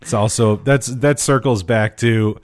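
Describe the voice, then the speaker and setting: A man co-hosting a casual podcast chat, talking haltingly and restarting often. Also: fairly low pitch, steady tone. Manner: halting, full of fillers and restarts.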